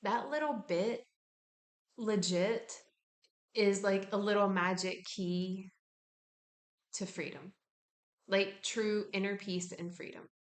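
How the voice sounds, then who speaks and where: Woman, casual self-help talk, candid, laid-back, medium pitch, roomy echo. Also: slow pace, long pauses. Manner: relaxed, frank, casually profane. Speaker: wellness speaker.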